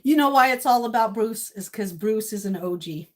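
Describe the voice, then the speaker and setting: A woman's voice: fairly high pitch, expressive, normal speed. Emotional fifties woman from Maine. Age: 50s. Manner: gushing and emotional, swings between tearful and loud squealing laughter. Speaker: livestream host. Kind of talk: casual livestream chat. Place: home kitchen.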